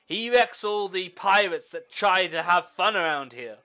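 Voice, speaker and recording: A man voicing a cheeky male dwarf shipwright who talks in gruff sailor slang and teases a lot. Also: sits high, lively intonation, unhurried, heavily acted. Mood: sly. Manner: gruff sailor talk, teasing, loud.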